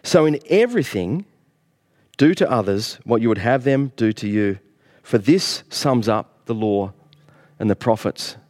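A man's voice: on the low side, expressive, measured pace, darkish tone. A middle-aged man preaching a sermon as pastor, earnest, lifting his voice on key phrases.

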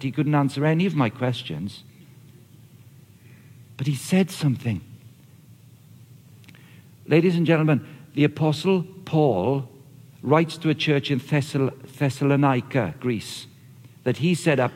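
A man preaching a lively, conversational sermon, often acting out what people say. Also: mid-range voice, moderate pace, long pauses. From Australia or Britain, not the audience's country. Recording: long reverb of a large hall.

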